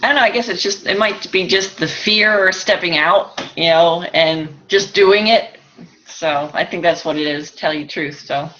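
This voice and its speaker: A woman's voice: fairly low pitch, normal speed, lo-fi sound. A woman coach on a group call, speaking hesitantly and a bit unsure. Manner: hesitant, soft-spoken, unsure.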